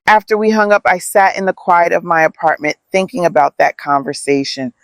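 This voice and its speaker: Dry, steady male story narrator. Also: high-pitched, fairly quick, clear, resonant tone, no room sound.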